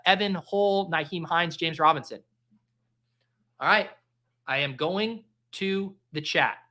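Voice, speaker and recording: Bright-voiced jokey fantasy football host. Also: male voice, a little high. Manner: rambling, jokey, self-deprecating. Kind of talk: casual live-stream draft chat.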